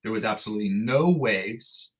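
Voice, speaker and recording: A man telling a story as a podcast guest, animated and blunt, swearing casually and restarting sentences. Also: fairly low pitch, moderate pace. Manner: animated storyteller who acts out dialogue, with frequent restarts. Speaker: podcast guest, endurance athlete. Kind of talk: storytelling in an interview.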